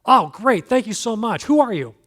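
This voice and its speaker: A man's voice: expressive, unhurried, a bit bright, full character voice. A man voicing a panicked man dangling from a cliff branch, pleading frantically for help. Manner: frantic, pleading, high-pitched.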